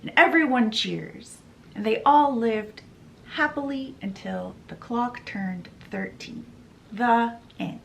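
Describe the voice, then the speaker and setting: A young woman recaps a novel for her vlog, chatty and animated. Her voice sits a bit on the high side. She slips in quoted lines as she tells it. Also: slow, creaky, slight background noise, low-quality recording. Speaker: book vlogger. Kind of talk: casual story recap.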